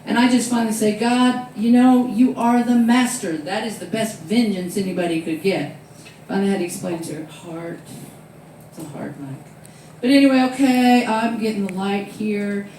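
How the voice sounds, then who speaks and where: A woman's voice: medium pitch, moderate pace, recorded from a distance, a little hiss or hum. Echoey older woman doing stand-up. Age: 60s. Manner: animated storytelling with loud acted-out quotes. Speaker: stand-up comedian. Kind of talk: stand-up comedy set. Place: comedy club stage. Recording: very echoey room, voice off-mic.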